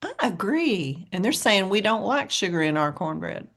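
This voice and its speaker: A woman's voice: mid-range voice, very animated, moderate pace, fairly bright tone. A woman from the American South with a Southern accent, co-hosting a podcast in casual chat and laughing often as she tells stories. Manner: chatty storyteller, laughs often. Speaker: podcast co-host.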